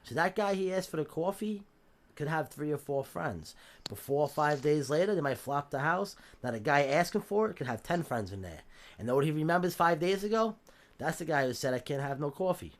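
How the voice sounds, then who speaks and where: Speaking a little high and at a brisk clip, the man sounds animated as he recounts jail stories. He's a New York-accented podcast guest with a streetwise, casual manner who swears freely and acts out the voices in his tales.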